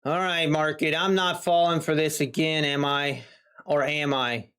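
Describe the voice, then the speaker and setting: A man's voice: on the high side, fairly even intonation, a little slow, a bit bright, clean tone. A man live-streaming his day trading, chatting casually with viewers and talking himself through trades in an exasperated, sighing way.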